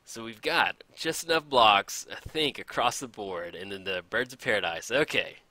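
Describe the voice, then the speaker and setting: A man giving casual commentary over a card game as he plays, excitable and chatty, laughing often and poking fun at his own mistakes. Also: on the low side, moderate pace. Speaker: gameplay commentator.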